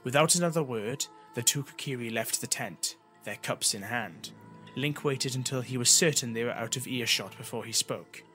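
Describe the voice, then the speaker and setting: A man reading an audiobook chapter as narrator, in an even storytelling manner. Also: medium pitch, normal speed, faint music behind. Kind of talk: scripted narration.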